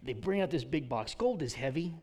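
A man preaching a sermon, telling a story with lively swings between loud emphasis and hushed whispers. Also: medium pitch, a little fast. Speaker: pastor.

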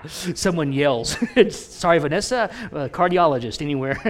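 Male pastor, mid-high voice, conversational sermon with loud and whispered turns. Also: measured pace. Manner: animated, swings from loud to hushed whispers; conversational storytelling with humor.

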